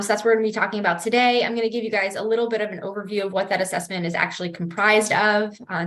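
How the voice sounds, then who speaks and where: A woman project coordinator presenting findings at a public meeting on a video call, brisk with frequent fillers, her voice slightly rough from the morning. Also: medium pitch, a bit bright. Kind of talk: staff presentation.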